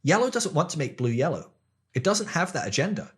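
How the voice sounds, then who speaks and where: A man on a podcast as the guest, explaining ideas in casual chat, animated and acting out quoted voices, with frequent fillers. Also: on the high side, fairly quick.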